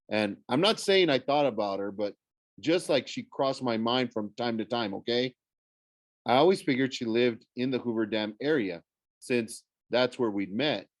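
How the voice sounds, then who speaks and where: A man's voice: medium pitch, dry recording. A man reading a first-person novel chapter aloud in a casual way, often stumbling over words and correcting himself. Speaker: audiobook reader.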